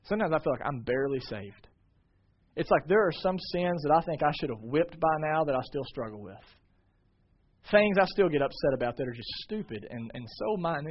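A man in his thirties preaching a sermon, swinging between loud emphatic passages and quiet, confiding ones. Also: fairly high pitch, breathy edge. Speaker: pastor. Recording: dull lo-fi sermon audio.

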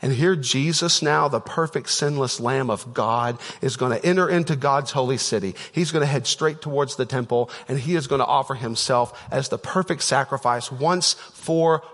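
A man's voice: mid-range voice, normal speed, few pauses, a bit bright. A man preaching a casual, conversational sermon as a pastor, telling a story with many fillers and restarts. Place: church auditorium. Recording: long church-hall reverb.

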